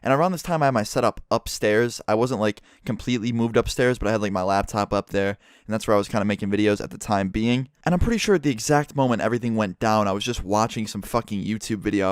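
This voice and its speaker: A young man telling a story to his vlog audience in an excitable, profane way, from his room at home. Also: fairly low pitch, fast, few pauses, smooth, no room sound, studio quality. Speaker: vlogger.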